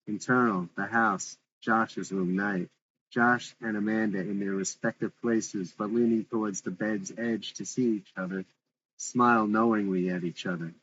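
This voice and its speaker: A man's voice: fairly low pitch, steady tone, normal speed, a bit bright, dull audio. A man reading a script aloud with its stage directions, in a plain, matter-of-fact way.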